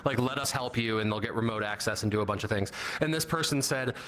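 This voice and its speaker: A man's voice: medium pitch, fast, a bit bright, poor audio. A man on a conference panel telling a casual anecdote. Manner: casual storyteller, laughs at own anecdote.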